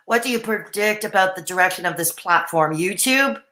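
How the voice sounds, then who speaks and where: A woman's voice: medium pitch, expressive, a little fast, bright, forceful tone, echoey room. A woman hosting a casual live stream, chatting and answering viewer comments with many fillers and restarts, while she has the hiccups. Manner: rambling, frequent fillers and restarts.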